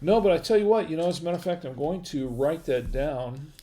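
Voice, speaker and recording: A man with a warm, slightly high voice talks a little quickly as he hosts a wine tasting stream. Reading comments from viewers, he thinks out loud and wanders conversationally.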